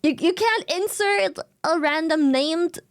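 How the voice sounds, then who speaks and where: A woman with a German accent, a native German speaker chatting casually on stream in an animated, slangy way with plenty of swearing. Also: very high-pitched, slow, dry recording, studio quality.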